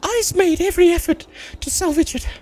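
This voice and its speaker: Squeaky anime-style game voice. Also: male voice, a little fast, darkish tone. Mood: plaintive. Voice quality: squeaky, strained falsetto. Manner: old-timey pirate-ish phrasing, drawn out. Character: high-voiced anime-style game character, stranded shipwrecked worker.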